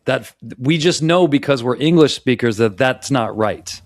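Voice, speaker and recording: A man's voice: medium pitch, expressive, a little slow, few pauses, no room sound. American man talking rhythm, dry sound. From United States. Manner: demonstrative, counts beats and vocalizes rhythms aloud; conversational, with frequent restarts. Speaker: podcast co-host. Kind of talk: casual discussion.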